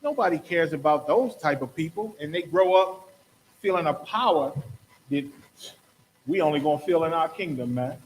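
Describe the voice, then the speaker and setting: High-voiced man preaching commentary. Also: lively intonation, normal speed, slight background noise, low-quality recording. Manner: preachy, rhetorical, acts out quotes. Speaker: podcast host. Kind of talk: impassioned religious commentary.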